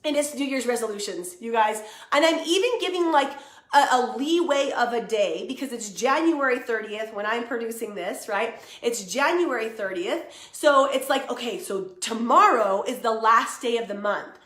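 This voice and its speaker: A woman's voice: on the high side, lively intonation, moderate pace, a bit bright, reverberant. A young woman hosting a casual motivational live stream, chatty and upbeat, greeting viewers by name. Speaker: live video host and coach.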